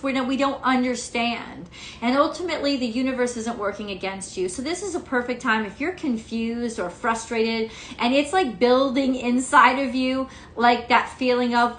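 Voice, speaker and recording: A woman's voice: on the high side, a bit bright, reverberant, slight background noise. A woman giving a casual tarot reading, frank and emphatic, swearing freely. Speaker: tarot reader.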